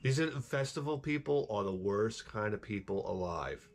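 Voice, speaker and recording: A middle-aged man with a lowish, expressive voice talks at normal speed while streaming a game, with slight background noise. He keeps up a rambling, profane casual chat laced with wisecracks.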